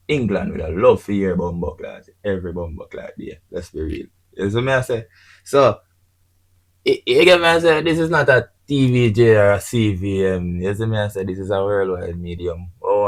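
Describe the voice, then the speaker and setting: Deep-voiced Jamaican man, patois chat. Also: poor audio. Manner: patois-laced, rhetorical, keeps asking "you see me". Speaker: podcast host. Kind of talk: casual chat.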